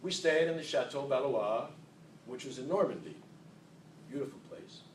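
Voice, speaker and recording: A man giving a humorous contest speech to an audience in a hall, playful and self-mocking, with unhurried comic timing. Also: mid-range voice, lively intonation, slight background noise. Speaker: contest speaker. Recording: echoey hall, distant mic.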